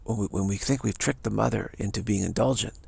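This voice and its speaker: Husky gravelly guy preaching hard about spiritual stuff, keeps repeating himself. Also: lowish voice, quick pace, darkish tone. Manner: emphatic, repetitive, many restarts. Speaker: spiritual teacher. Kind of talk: spiritual talk.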